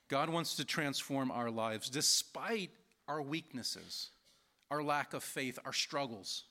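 A man preaching a sermon, telling stories in a measured, earnest way and slowing down for emphasis. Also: mid-range voice, pushed and bright. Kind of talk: sermon with storytelling.

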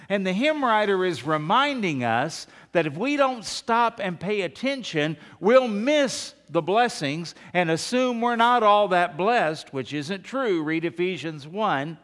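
Pastor preaching in an echoing church. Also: male voice, high-pitched, a little slow, few pauses. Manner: animated preaching, half-singing hymn lines. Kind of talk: sermon. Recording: long reverb of a large hall.

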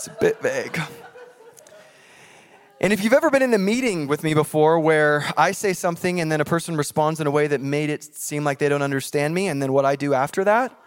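A man preaching a sermon in a church, animated and jokey, acting out voices from scripture. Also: fairly high pitch. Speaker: pastor. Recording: long hall reverb.

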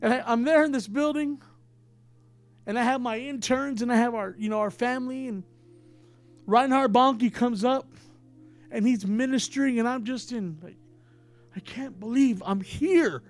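A man preaching a sermon as a pastor, giving an emotional testimony that moves from hushed tones to loud cries. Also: extremely high pitch, normal speed, long pauses, soft background music.

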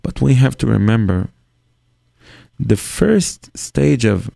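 Gravelly rabbi teaching in slow earnest English. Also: male voice, medium pitch, very animated, dark tone, dry recording, clean studio sound. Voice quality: non-native English grammar. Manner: earnest, acts out parent and child in dialogue. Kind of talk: Torah lecture on parenting.

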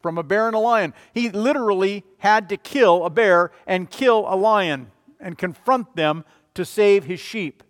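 A man preaching a sermon as a pastor, emphatic, swinging between loud declarations and quiet, low passages. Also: measured pace, long reverb tail. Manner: emphatic, rising and falling in volume.

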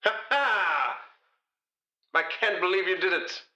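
A man's voice: sits high, expressive, takes it slowly, pushed and bright, reverberant, muffled recording, full character voice. A man playing a gloating scheming mayor. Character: gleeful scheming male city mayor. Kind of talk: comedy audio sketch.

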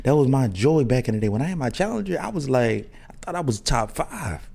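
A man's voice: medium pitch, big pitch swings, a little fast, creaky, a little mellow, breathy edge. A man in his thirties hosting a podcast, telling loose, slangy stories with many restarts and asides. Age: 30s. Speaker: podcast host. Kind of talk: casual monologue.

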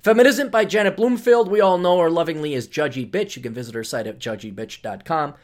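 A man's voice: a little high, quick pace. A man hosting a casual podcast monologue, talking in a sarcastic, ranting way. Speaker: podcast host.

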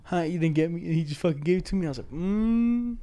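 A man's voice: a little high, expressive, quick pace, warm tone, no room sound. Slangy young man telling stories. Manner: slangy, profane, laughing storyteller. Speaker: storyteller among friends. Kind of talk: casual chat.

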